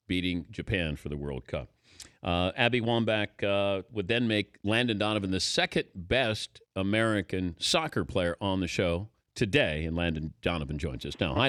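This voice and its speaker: A man's voice: deep voice, expressive, moderate pace, fairly bright tone, no room sound, clean studio sound. A man hosting a sports talk radio show, interviewing a guest with playful, joking questions.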